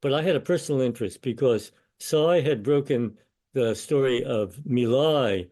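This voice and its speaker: An older man, a law professor, answering interview questions in a measured, storytelling way. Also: medium pitch, darkish tone.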